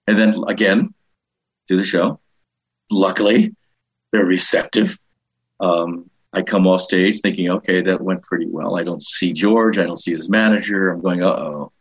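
A middle-aged man with a husky, lowish voice recounts his touring years in an interview. He acts out the people in his stories, his pitch shooting up for each quoted line. The sound is muffled and lo-fi. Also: normal speed. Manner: animated anecdotes, jumps high to act out quoted people. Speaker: comedian and author, guest. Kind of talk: casual storytelling interview. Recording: dull lo-fi sound.

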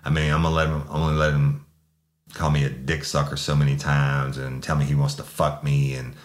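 A man's voice: very deep voice, monotone, brisk. A man, a former police sergeant, telling a crude story bluntly with lots of restarts. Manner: blunt, profane, many restarts.

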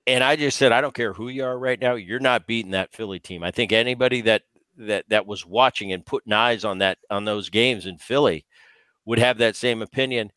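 A man who is a former player and co-host, talking baseball in casual, animated chat full of restarts. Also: on the low side, fairly quick, no echo. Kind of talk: casual sports talk.

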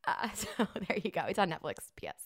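A woman's voice: on the low side, big pitch swings, fast, gravelly, dry recording, clean studio sound. A woman co-hosting a podcast, chatting casually in a rambling, giggly, self-deprecating way. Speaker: podcast co-host. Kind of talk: casual chat.

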